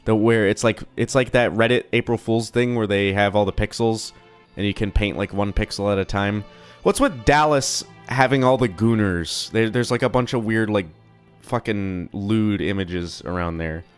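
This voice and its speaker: A young man chats on a casual live stream from his home desk, cursing offhandedly and running himself down as he rambles. The voice is a little low and slightly sick-sounding yet clean in tone, at normal speed, over faint background music.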